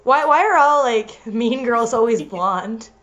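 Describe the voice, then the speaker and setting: A woman's voice: fairly high pitch, expressive, unhurried, fairly bright tone. Giggly young woman reading aloud. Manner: giggly, interrupts herself with asides. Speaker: reader and co-host. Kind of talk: comedic dramatic reading with commentary.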